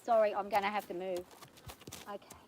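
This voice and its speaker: A woman vlogging from horseback on her farm, talking nervously and gently soothing her horse. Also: mid-range voice, flat delivery, a little fast, a little hiss or hum, poor audio. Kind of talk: casual spoken vlog.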